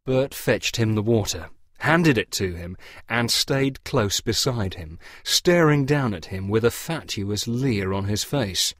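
A man narrating an audiobook story for English learners, reading in a measured, expressive way. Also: on the low side, dry recording, studio quality.

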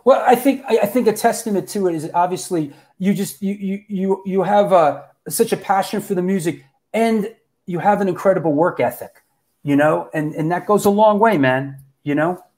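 A man hosts a casual livestream and talks straight to his viewers. His voice sits a little high. He chats loosely and throws in bro and yo. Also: moderate pace, darkish tone. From New York. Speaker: host.

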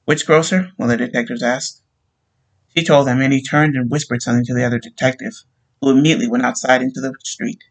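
Male reader narrating a story, steady and plain, mid-pitched. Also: fast talker, rough recording. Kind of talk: reading a short story aloud.

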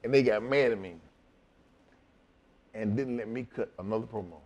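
A man's voice: on the low side, moderate pace, a little mellow, lo-fi sound. A middle-aged man telling a story in a casual interview, profane and laughing, acting out both sides of each exchange. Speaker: wrestling guest telling stories.

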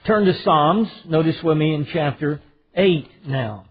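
A man's voice: on the high side, unhurried, husky. A man with a Southern US accent, a pastor preaching a sermon with emphatic stresses on key words. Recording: phone-like narrow band.

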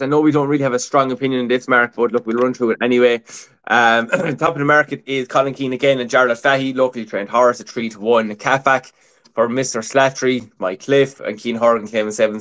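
A racing tipster co-hosts a casual horse racing preview, his mid-range voice sounding a bit bright. He's chatty, running through tips and leaning heavily on "look" and "um."

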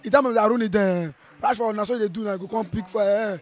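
A Nigerian man with a strained voice from shouting, reacting to a football match in an animated, playful way, slipping into Pidgin. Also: sits high, fast. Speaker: football fan. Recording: outdoor viewing center.

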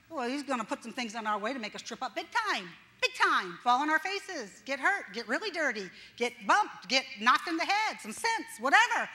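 A woman's voice: high voice, bright, forceful tone. An older woman pastor giving a chatty, self-deprecating sermon, acting out little voices and laughing as she goes. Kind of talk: conversational sermon. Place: church sanctuary. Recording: reverberant church hall.

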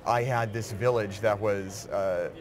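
A man with a low, steady voice explains his craft in eager rushes, as if at a busy convention floor. a loud crush of crowd chatter runs behind him the whole time. he talks in a casual, conversational interview. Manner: eager, quick bursts of explanation. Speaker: game writer guest.

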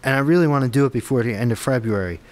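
A man's voice: medium pitch, rapid-fire, a little mellow. A man testing his own app on camera, muttering to himself and rambling with frustrated, self-deprecating asides. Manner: muttering, frustrated, talks to himself while debugging. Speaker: app developer vlogger. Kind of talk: casual screen-recorded tech vlog.

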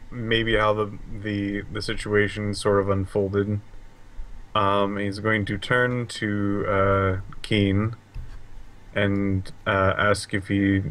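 A man's voice: lowish voice, flat delivery, extremely slow, pauses often, fairly bright tone. A man playing a tabletop game, talking hesitantly with many fillers. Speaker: player. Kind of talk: casual tabletop play.

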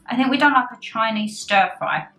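A woman's voice: on the high side, lively intonation, moderate pace, a bit bright. A woman vlogging casually to camera over dinner, chatty and self-mocking, talking with her mouth full. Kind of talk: casual chat to camera while eating.

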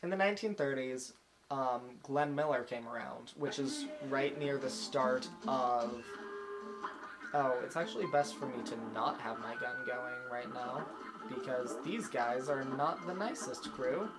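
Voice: medium pitch, a little slow, rough recording. Rambling let's-play host over game music. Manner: rambling, easily distracted, hums tunes aloud. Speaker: gaming channel host. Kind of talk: casual let's-play commentary. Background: video game music.

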